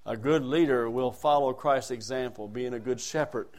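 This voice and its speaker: A man delivering a sermon at a mid-range pitch. His volume rises and falls sharply, from hushed asides to forceful emphasis, and he declaims scripture passages aloud in a raised, ringing voice. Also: normal speed. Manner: swings between soft asides and loud emphatic lines. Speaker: preacher.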